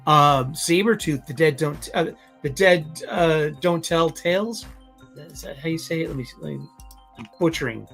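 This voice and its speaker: A man hosting a casual comics livestream, talking in a rambling, halting way with many fillers and restarts. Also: fairly high pitch, fairly bright tone. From Boston area. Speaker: comics review livestream host.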